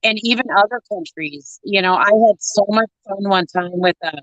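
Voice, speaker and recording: A woman's voice: mid-range voice, normal speed, a bit bright, no room sound. Folksy Minnesotan woman trucker. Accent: northern Minnesota. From northern Minnesota. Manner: chatty, folksy, laughs easily. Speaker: co-host, trucker. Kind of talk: casual chat on a livestream. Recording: dull lo-fi stream audio.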